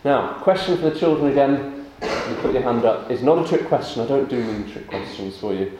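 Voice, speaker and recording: A man leading a church service, praying and then giving a lively children's talk with questions. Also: mid-range voice, fairly quick, few pauses, a little hiss or hum. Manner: animated with children, rising and warm questions. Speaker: pastor. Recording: echoey church room with faint ambience.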